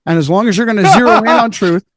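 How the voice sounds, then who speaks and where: A man's voice: high-pitched, quick pace. A man speaking as a podcast guest, emphatic and preachy, hammering his points by repeating phrases in casual chat.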